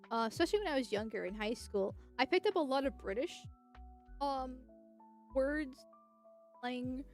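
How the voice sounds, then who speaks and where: A young woman from the United States talking casually on a livestream, rambling and chatty with lots of restarts and laughs. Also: high voice. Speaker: political streamer.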